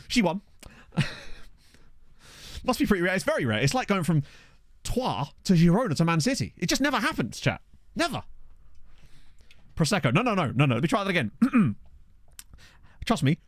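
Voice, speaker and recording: A man's voice: on the high side, no echo, studio quality. A man chatting casually with his live-stream viewers and answering their messages in a playful, talkative way. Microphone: desk condenser mic.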